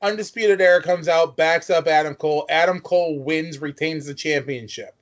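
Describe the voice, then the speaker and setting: A man's voice: on the high side, moderate pace. A man co-hosting a podcast, chatting casually and brashly about wrestling, joking and swearing freely. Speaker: podcast co-host. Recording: dull lo-fi audio.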